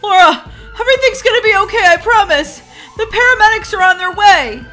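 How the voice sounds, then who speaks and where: Brief: woman voicing a jittery young husband, very high and bright, lively, rambling. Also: fairly quick, faint music behind, heavily acted. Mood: anxious. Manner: anxious, rambling, high-strung. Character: worried young husband Dan. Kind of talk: Roblox roleplay voice acting.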